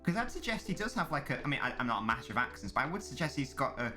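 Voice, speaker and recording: A man's voice: mid-range voice, very animated, very fast, over music. A man hosting a live football watchalong stream, chatting casually with viewers and commentating on the match in a rambling way. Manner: rambling, chatty, many restarts, reads chat aloud.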